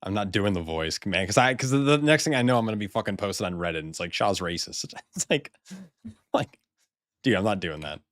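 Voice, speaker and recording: A man's voice: on the low side, expressive, fairly quick, fairly bright tone, no room sound, clean studio sound. A man streaming a video game in casual chat, swearing, laughing often and stammering when surprised.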